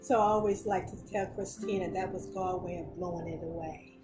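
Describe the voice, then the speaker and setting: A woman, a friend of the guest, slowly and steadily retelling events in a podcast interview. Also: fairly low pitch, fairly even intonation. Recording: echoey room, clear music behind.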